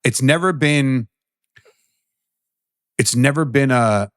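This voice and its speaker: A man in his forties with a weathered, raspy voice from smoking and drinking, co-hosting a casual chat podcast and talking bluntly with plenty of swearing. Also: mid-range voice, slow, fairly bright tone, no room sound, clean studio sound. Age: 40s. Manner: blunt, swearing, repeats words when starting. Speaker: podcast co-host.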